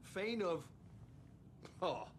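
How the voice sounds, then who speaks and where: An actor playing a squeamish small-town deputy with a folksy, laid-back way of talking. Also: male voice, sits high, big pitch swings, extremely slow, husky, exaggerated voice.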